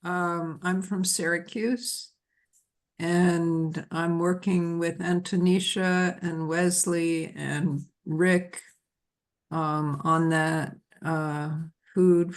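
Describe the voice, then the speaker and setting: A woman introducing herself as a food co-op organizer on a video call, unhurried with fillers. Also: low-pitched, little pitch movement.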